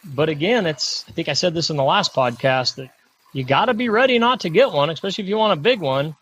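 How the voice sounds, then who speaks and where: A man's voice: on the high side, lively intonation, fast, a bit bright, slightly rough. A middle-aged man talking casually on a podcast as a guest, rambling and repeating himself. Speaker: mule deer hunting guest.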